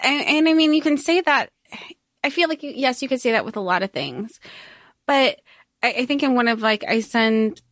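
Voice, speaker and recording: A woman's voice: a little high, animated, moderate pace, a bit bright, no room sound, studio quality. A woman co-hosting a book podcast, talking candidly and expressively and swearing casually. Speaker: podcast co-host. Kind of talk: casual chat.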